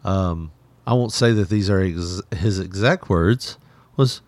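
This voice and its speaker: A man's voice: low voice, slow pace, a little mellow, dry recording. A man hosting a podcast in casual, joking chat, laughing often. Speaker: podcast host.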